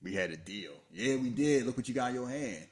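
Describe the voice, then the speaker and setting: A man co-hosting a podcast, chatting casually about a movie and jumping into high falsetto voices for its lines. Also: animated, brisk. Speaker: podcast co-host. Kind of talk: casual movie commentary chat.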